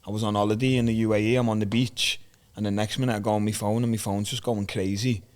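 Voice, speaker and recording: A man's voice: fairly low pitch, fast talker. Blunt man telling stories. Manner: blunt, swears freely, animated anecdotes. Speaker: podcast guest, fighter. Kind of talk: casual chat, storytelling.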